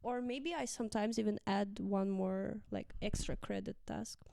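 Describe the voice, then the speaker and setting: Chatty young woman teacher, clear voice. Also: mid-range voice, normal speed, warm tone, no room sound, studio quality. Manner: chatty, acts out quotes of pupils with laughs. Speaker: English teacher, guest. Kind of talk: casual conversation.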